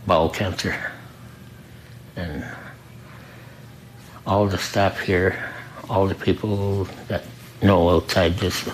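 A man who works the front desk at a recovery program, telling his own story in an earnest, halting way and often repeating himself. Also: deep voice, a little hiss or hum, low-quality recording. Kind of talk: personal testimony in an interview.

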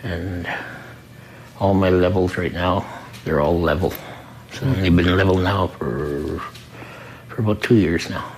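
A man who works the front desk at a recovery program, telling his own story in an earnest, halting way and often repeating himself. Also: sits low, slight background noise, rough recording. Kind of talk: personal testimony in an interview.

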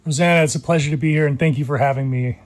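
Earnest middle-aged man, higher voice. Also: steady tone. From California. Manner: earnest, measured storytelling with fillers. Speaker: guest, documentary creator. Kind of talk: interview conversation.

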